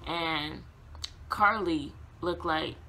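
A young woman vlogger telling a casual storytime, animated, laughing often and acting out quotes. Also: sits low, drawn-out words.

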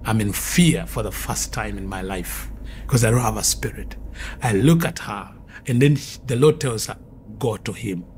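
A man's voice: fairly low pitch, moderate pace, a little mellow, a little hiss or hum. A man who was formerly an occultist gives an earnest, vivid spoken testimony, repeating phrases as he tells his story.

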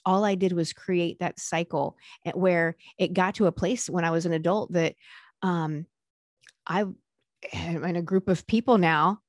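A woman with a fairly low voice speaks frankly and earnestly in a candid interview, often pausing on fillers. The sound is dry and close, with no room echo. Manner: earnest, frank, with casual swearing and frequent fillers.

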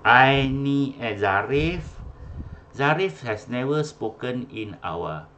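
A man's voice: medium pitch, sing-song, slow, a bit bright, dull audio, a little hiss or hum. A man with a Malaysian English accent teaching an online class, mixing English and Malay, calling out names and often ending with a questioning "eh?". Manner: mixes English and Malay, repeats names, ends with "eh?". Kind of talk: online class roll call. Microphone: video call.

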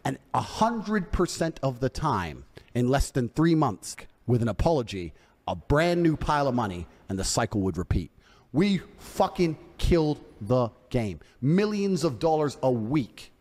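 A man's voice: medium pitch, big pitch swings, a little slow, a little mellow, big-room sound. A man telling a boastful story on a podcast, swearing freely and acting out the quoted lines himself. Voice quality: profane, swaggering.

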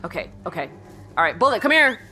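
Female let's-play host, bright tone, very animated delivery, jumpy and chatty while playing horror. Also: mid-range voice, quick pace. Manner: jumpy, yelps and shrieks, then drops to a hushed mutter; talks to her in-game dog.

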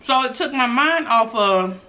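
A woman's voice: fairly high pitch, animated, unhurried, bright, forceful tone. A young woman, chatting casually and laughing as she eats for a mukbang video. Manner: chatty, laughs often, addresses viewers as y'all. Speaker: mukbang vlogger. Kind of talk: casual chat while eating.

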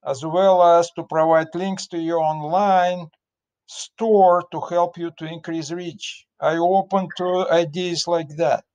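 A man with a Russian accent interviewing a guest in a slow, searching online chat, often restarting his sentences. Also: fairly high pitch, steady tone, darkish tone. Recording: dull lo-fi audio.

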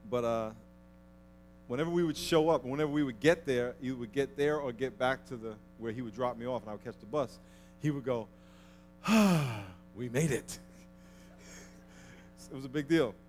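A man's voice: mid-range voice, brisk, pauses often, darkish tone, a little hiss or hum. A man pastor preaching a sermon, telling a story in a casual way and then pressing his point with rising force. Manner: conversational storytelling, building to emphatic exhortation. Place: church.

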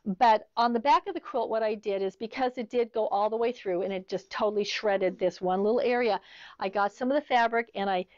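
A woman's voice: medium pitch, fairly quick, darkish tone, no echo, lo-fi sound. A middle-aged woman teaching an online sewing class, chatty, telling stories as she demonstrates. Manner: chatty, storytelling asides. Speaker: sewing instructor.

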